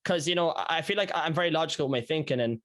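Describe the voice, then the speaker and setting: A man's voice: fairly high pitch, very fast. An Irish man, a streamer guest on a podcast, telling stories in casual chat with slang and swearing. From Ireland. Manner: animated storyteller, lots of slang and swearing.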